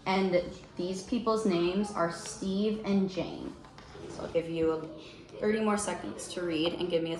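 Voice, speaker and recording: A woman teacher leading a small-group reading lesson, patient and encouraging, slowing down to explain letter sounds. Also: lowish voice, reverberant, noisy background. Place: classroom.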